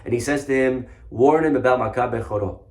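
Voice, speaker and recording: A rabbi giving a lively sermon, telling a story with mocking humor and dramatic emphasis. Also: male voice, medium pitch, brisk. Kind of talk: animated sermon.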